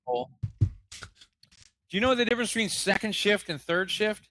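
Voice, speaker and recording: A man's voice: high voice, big pitch swings, a little fast, bright, forceful tone. A man co-hosting a live podcast, goofy and wisecracking in rowdy banter. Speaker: podcast co-host.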